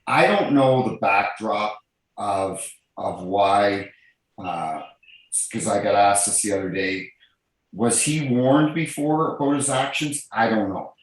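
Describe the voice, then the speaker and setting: A deep-voiced former hockey referee from New Brunswick, Canada, speaks slowly as a guest in a casual interview, recorded in an echoey room. He's earnest and tells anecdotes, often repeating and restarting phrases.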